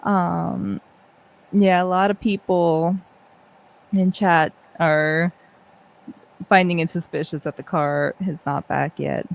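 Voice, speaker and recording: A woman's voice: fairly low pitch, steady tone, slow, vocal fry, pauses often, rough recording. A young woman co-hosting a live stream, reading viewer comments in a friendly, chatty way. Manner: friendly and chatty, laughs often. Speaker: co-host reading chat. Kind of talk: casual live-stream chat.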